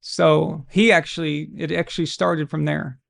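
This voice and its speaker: A man's voice: on the high side, level tone, normal speed, creaky, a bit bright. A man from Arkansas hosting a live football watch-along stream, giving casual commentary full of crude, brash, mocking humor.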